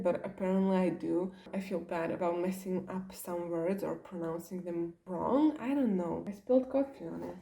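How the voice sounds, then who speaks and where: Young woman, mellow, rambling vlog chat in a roomy, echoey space. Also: mid-range voice. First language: Slovak. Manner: rambling, all over the place. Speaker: vlogger. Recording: roomy echo.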